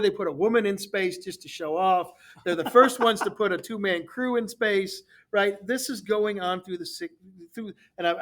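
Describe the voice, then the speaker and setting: A man's voice: high voice, a bit bright. A man who teaches history, co-hosting a podcast in casual chat and often repeating words as he thinks.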